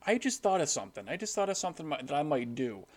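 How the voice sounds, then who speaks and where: A man's voice: on the high side, big pitch swings, fast talker. A man co-hosting a podcast, chatting casually, rambling with lots of fillers and casual swearing. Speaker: podcast co-host. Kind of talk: casual chat.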